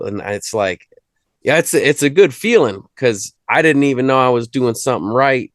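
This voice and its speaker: A male rapper guest keeps the interview loose and jokey, rambling with frequent restarts and fillers in a laid-back, casual conversation. He talks at a moderate pace with a medium pitch, captured in clean studio sound without echo.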